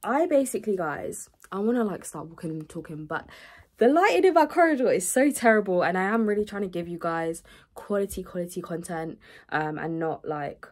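A woman's voice: on the low side, lively intonation, fairly quick, darkish tone. A young woman, stuffy-nosed from the cold, rambling chattily to camera in a vlog, full of fillers and "guys". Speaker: vlogger. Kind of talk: casual chat to camera. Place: home, indoors, small rooms.

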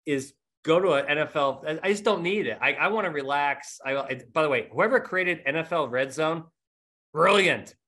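A man's voice: a little high, normal speed, bright, forceful tone. A middle-aged man hosting a podcast, telling stories in casual, self-mocking chat. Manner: rambling storyteller, self-mocking. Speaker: podcast host.

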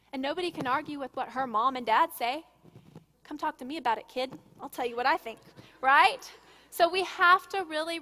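A woman's voice: high-pitched, bright, forceful tone, in a large hall. A woman in her thirties gives an earnest, conversational sermon on parenting in a church, repeating words for emphasis. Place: church sanctuary.

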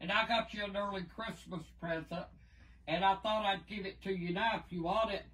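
An older woman making prank videos, cursing and yelling at her grandson in rough, profane banter. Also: mid-range voice, fairly even intonation, fairly quick. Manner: foul-mouthed, yelling, cackling.

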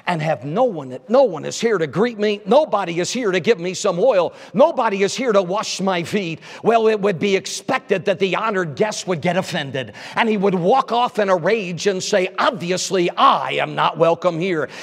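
A male evangelist preaching a sermon, swinging from loud emphasis to hushed lines. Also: high voice, animated, moderate pace, hardly any pauses. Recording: echoey church hall.

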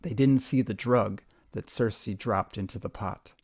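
A man, a teacher, reading a retold myth aloud to a class in an expressive, steady storytelling voice. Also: lowish voice, a little slow, no echo, clean studio sound.

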